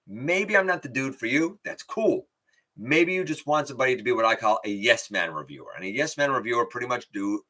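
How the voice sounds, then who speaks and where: A man's voice: mid-range voice, sharp tone. A man hosting a casual live stream, talking bluntly and thinking aloud with fillers as he gives his opinions. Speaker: toy review channel host.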